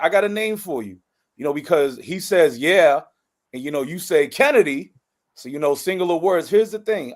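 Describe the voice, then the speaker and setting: A man co-hosting a podcast, chatting casually in an excitable, playful way with sudden bursts of emphasis. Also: sits high. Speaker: podcast co-host. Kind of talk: casual interview chat.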